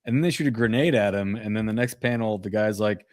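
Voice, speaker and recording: A man's voice: fairly low pitch, fast, darkish tone, dry recording. Male co-host, dry close sound, eager fan recounting first reads. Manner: enthusiastic fan, recounts his reactions. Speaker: podcast co-host. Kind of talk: casual comic book discussion.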